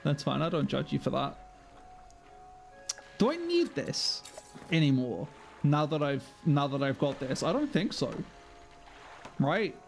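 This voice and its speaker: A man's voice: on the high side, moderate pace, gravelly, faint music behind. A man streaming a game live, chatting with viewers, sweary and self-mocking. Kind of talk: live gameplay commentary.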